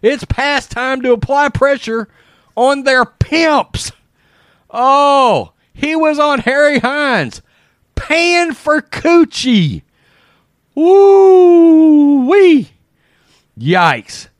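Lively high-voiced man laughing through commentary. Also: very slow, no echo, studio quality. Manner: animated, laughing, exclaiming. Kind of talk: casual commentary reading social media posts aloud.

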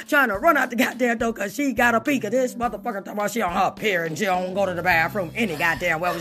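A woman hosting a podcast in casual chat, loud and profane, laughing often as she talks. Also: sits high. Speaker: podcast host.

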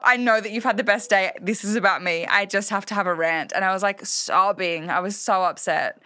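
A woman's voice: medium pitch, fairly quick, hardly any pauses. A woman co-hosting a podcast, chatting casually and acting out her own quotes as she tells stories. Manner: animated storytelling, acts out quotes. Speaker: podcast co-host. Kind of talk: casual chat.

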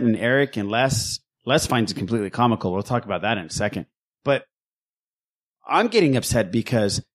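A man co-hosting a fan podcast, ranting in a heated casual way, swearing and repeating himself for emphasis. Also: mid-range voice. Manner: fired-up, profane, repeats himself. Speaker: podcast co-host.

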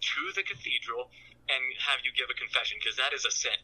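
A man's voice: medium pitch, fairly even intonation, brisk, sharp tone. A man on a phone line voicing an exasperated father in a told joke, scolding in a raised voice. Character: outraged father, adult man.

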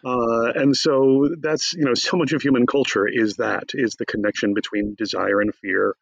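A man's voice: mid-range voice, normal speed, vocal fry, slightly rough, no echo. Male academic guest, wry and talkative, close dry mic, a bit dull and lo-fi. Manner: chatty, wry, animated storyteller. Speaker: theater professor and author. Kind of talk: conversational interview.

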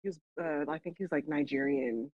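A woman's voice: sits low, brisk, dry recording. A woman co-hosting a podcast, telling a story in casual chat and laughing often. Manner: laughs often, animated when quoting herself. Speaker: podcast co-host. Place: Las Vegas. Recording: dull lo-fi dry recording.

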